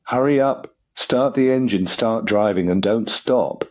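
A man voicing a flustered, fussy young English gentleman who dithers and frets. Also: lowish voice, unhurried, voice pushed up, lightly acted. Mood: urgent.

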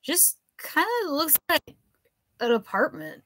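A woman's voice: high-pitched, very animated, a bit bright, voice pushed up, exaggerated voice. A woman voicing a drunk male professor who slurs and drags out his words in a live story reading. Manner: slurred, slow, drawn-out speech. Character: drunk slurring male professor, sloppy and nosy.

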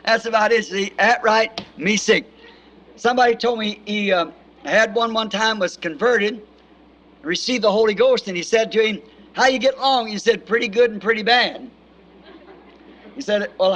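A man's voice: high voice, a bit bright, rough recording. A middle-aged male preacher telling folksy stories in a sermon, chuckling often as he goes. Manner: homespun storyteller, chuckles often.

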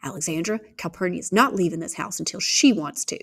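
A woman reading a calm, stern father. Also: fairly low pitch, creaky, husky. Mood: firm. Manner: even and measured. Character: calm, stern middle-aged father and lawyer.

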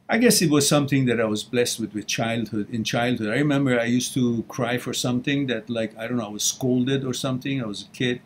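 A middle-aged man hosts a live Q&A, answering viewer questions and telling his own story earnestly and emphatically. His voice is mid-range, with a little hiss or hum in the recording.

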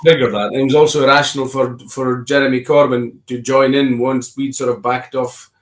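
A middle-aged Scottish man speaks as an interview guest in a mid-pitched voice. He talks his way round a point, often restarting and repeating words before carrying on. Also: level tone, fairly quick. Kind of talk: conversational political discussion.

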